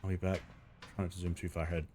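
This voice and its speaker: A man's voice: racing, a little hiss or hum. A man live-streaming a game, chatting casually with viewers, greeting them by name and laughing and swearing easily. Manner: chatty, greets viewers by name, bursts of excited rising pitch.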